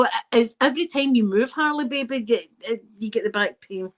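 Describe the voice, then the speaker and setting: Chatty Scottish woman, higher voice. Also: moderate pace, poor audio. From Scotland. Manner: chatty, rambling, lively asides to viewers. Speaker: live-stream host. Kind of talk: casual live-stream chat.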